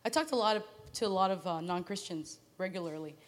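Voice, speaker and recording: A woman pastor preaching a sermon in an animated way, laughing at times and acting out the voices she quotes. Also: fairly low pitch, fast talker. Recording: long hall reverb.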